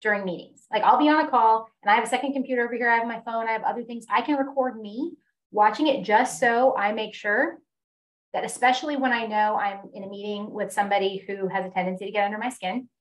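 A woman's voice: on the high side, steady tone, quick pace, low-quality recording. A woman in a casual conversation, talking candidly and with self-deprecating humor about her own habits in meetings.

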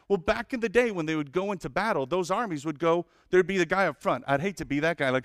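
A male pastor preaching a sermon, listing names of God with lively emphasis and humorous asides. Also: high voice, quick pace, hardly any pauses, no echo, clean studio sound.

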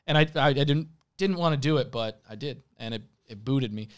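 A man's voice: medium pitch, a little fast. Brief: earnest male guest recounting a story, mid-range voice, stop-start delivery. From Greek heritage. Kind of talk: casual chat, telling a story.

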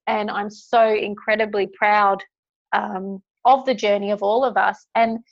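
A woman hosting a podcast, tearful and heartfelt, talking warmly and effusively with friends. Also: mid-range voice, little pitch movement, a little slow, muffled recording. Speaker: podcast host. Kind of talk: emotional podcast conversation.

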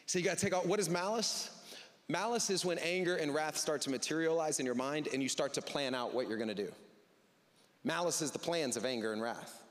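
Male pastor, high voice, casual sermon style with acted-out quotes, long hall echo. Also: a little fast. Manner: conversational, acts out quoted voices. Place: church service.

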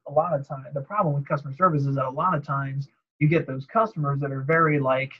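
Male podcast co-host with a husky, lo-fi sound and a lively storytelling manner. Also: fast talker. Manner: animated storyteller, mimics callers in a high voice. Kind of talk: casual chat.

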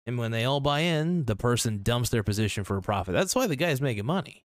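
A fast-talking man with a medium-pitched voice and lively intonation hosts a podcast, delivering a casual, opinionated rant. He's blunt, skeptical, profane and full of fillers, captured in a dry, clean studio.

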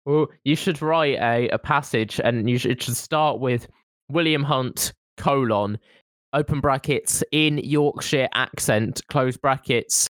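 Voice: mid-range voice, slow, no room sound, studio quality. A podcast co-host in casual comedic chat, teasing a friend, mocking, and laughing often.

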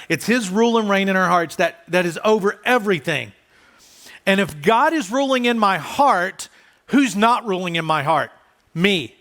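A man, a pastor, preaching a conversational sermon who often drops soft and low for emphasis.

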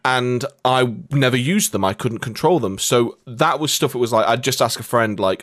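A man telling animated, sweary gaming stories in a loose, casual chat. His voice sits in a mid register. It sounds close and dry, with no room echo. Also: mid-range voice, normal speed. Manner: swears often, animated storytelling.

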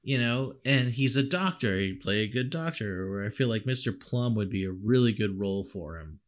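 A man's voice: lowish voice, expressive, normal speed. A man co-hosting a casual movie review chat, rambling and laughing often, swearing now and then. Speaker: podcast co-host.

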